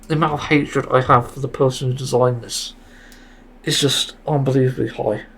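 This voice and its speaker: A man hosts a solo podcast, ranting in exasperation and swearing often. His medium-pitched voice is a bit bright with fairly even intonation and a moderate pace, and there's slight background noise.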